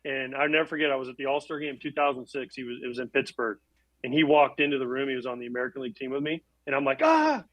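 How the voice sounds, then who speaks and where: Brief: quick, chatty male guest, dry close sound, self-mocking storyteller. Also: mid-range voice, little pitch movement, fairly bright tone, dry recording, low-quality recording. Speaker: guest, former baseball catcher. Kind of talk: casual chat.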